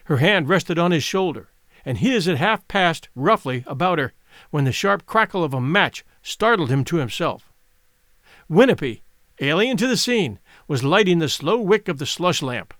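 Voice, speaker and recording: A man narrating a classic story as an audiobook, measured and expressive. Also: sits high, no room sound, clean studio sound.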